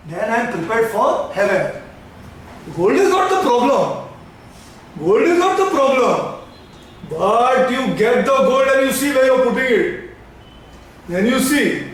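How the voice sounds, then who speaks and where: A man, preaching emphatically, repeating lines and slipping into Hindi. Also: very high voice. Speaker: pastor. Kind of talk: sermon. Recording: echoey hall, voice from a distance.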